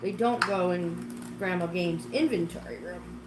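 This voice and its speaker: A woman's voice: lowish voice, measured pace, noisy background. Chatty middle-aged woman in echoey kitchen. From New York State. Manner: rambling, exclamatory, talks to viewers while doing chores. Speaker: livestream host. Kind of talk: casual chat while cleaning. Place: home kitchen, indoors. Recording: roomy echoey kitchen sound.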